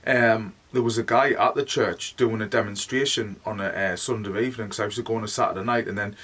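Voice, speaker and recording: A man's voice: lowish voice, fairly even intonation, fairly quick, a bit bright, distant mic. A man with a Northeast English accent, telling his story as a medium in a rambling, chatty way, with "like" all through. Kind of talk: casual storytelling monologue.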